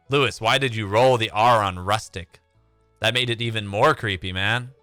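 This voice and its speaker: A man streaming a game, chatting casually and joking, with animated delivery. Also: on the low side, normal speed, clean tone, no room sound, faint music behind. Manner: animated, jokey, slips into voices. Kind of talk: casual gaming stream talk.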